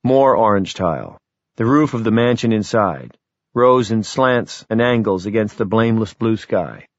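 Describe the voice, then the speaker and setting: Male audiobook narrator, steady and wry; dry, slightly lo-fi sound. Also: fairly low pitch, moderate pace, dry recording. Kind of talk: scripted narration. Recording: slightly dull, lo-fi recording.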